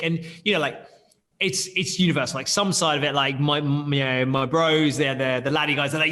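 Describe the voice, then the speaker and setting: A man founder telling stories in an animated way, with quick restarts and bursts of acted quotes. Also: a little high, in a large hall. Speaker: startup founder, guest. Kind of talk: animated storytelling in an interview. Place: London.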